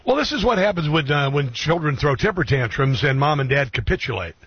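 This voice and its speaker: A man's voice: fairly high pitch, expressive, fairly quick, slightly rough. A man hosting a political talk radio show, indignant and emphatic, firing off rhetorical questions. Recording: dull lo-fi radio sound, dry.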